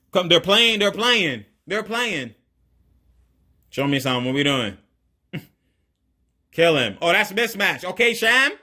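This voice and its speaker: Man, excitable, slangy, laughs a lot, fairly high voice, bright tone, highlight reaction commentary. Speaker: host.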